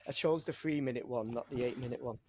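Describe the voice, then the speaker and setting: A man's voice: mid-range voice, fast talker, mellow, a little hiss or hum. A man co-hosting a casual football podcast, joking around and laughing often. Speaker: podcast co-host. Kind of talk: casual chat.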